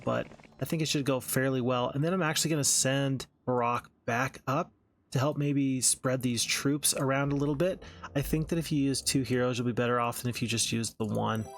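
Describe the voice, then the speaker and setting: A man's voice: medium pitch, creaky. A man hosting a let's-play, commenting on his strategy game as he plays and thinking aloud in an easygoing, self-mocking way. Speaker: gaming channel host.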